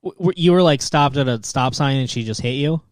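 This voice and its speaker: A man co-hosting a podcast in casual chat, asking quick questions, joking and laughing. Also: mid-range voice, dry recording. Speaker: podcast co-host.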